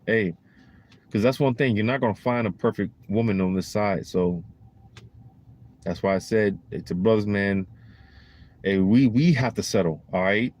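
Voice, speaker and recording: A man's voice: fairly low pitch, normal speed, long pauses, a little mellow. A man giving a casual preaching monologue in a rambling, emphatic, slangy way, full of "you know" and "man.".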